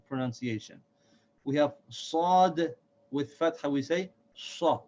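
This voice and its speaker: Male instructor, slightly high pitch, patient and methodical, muffled lo-fi sound. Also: a little mellow. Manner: patient, repeats each sound slowly for learners. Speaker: Quran reading teacher. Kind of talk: step-by-step recorded lesson. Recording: dull lo-fi recording.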